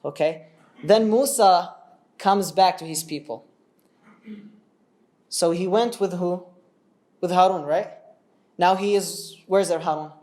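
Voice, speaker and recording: Casual, animated male religious storyteller; chats with the audience as he goes. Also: high-pitched, slow pace, long pauses. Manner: animated, chatty, asks the audience questions.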